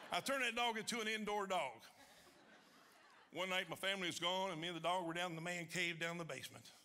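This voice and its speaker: A man telling a funny hunting story on stage before a large audience, folksy and animated, loud in the quoted lines. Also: high-pitched. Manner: folksy, animated, shouting punchlines in quoted voices. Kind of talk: live comic storytelling.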